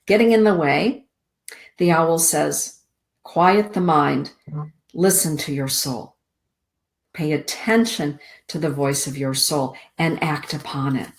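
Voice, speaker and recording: A middle-aged woman hosts a spiritual show and reads oracle cards to listeners. Her voice sits low and she takes her time, stretching out words in a calm, measured delivery. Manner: slow, soothing, deliberate delivery with drawn-out words. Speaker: host giving oracle card readings. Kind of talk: spiritual radio show card reading.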